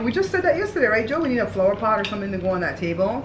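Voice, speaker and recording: A woman's voice: fairly high pitch, animated, very fast, few pauses, slight background noise. A chatty woman hosting a casual mukbang at her home dining table, talking straight to her viewers as she eats. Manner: chatty, talkative, addresses viewers directly. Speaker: mukbang host. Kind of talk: casual chat while eating. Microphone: camera on the table. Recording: roomy room with clattering dishes.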